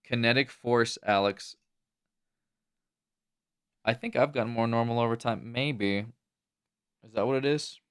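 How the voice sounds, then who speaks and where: A man's voice: mid-range voice, unhurried, pauses often, clear, resonant tone. A young adult man chatting casually on a livestream, rambling with lots of fillers. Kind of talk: casual stream chat.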